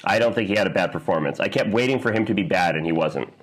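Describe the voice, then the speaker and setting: A man co-hosting a film podcast in casual chat, acting out quotes in a raised voice. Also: fast. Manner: animated, acts out quotes in a high voice. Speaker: podcast co-host.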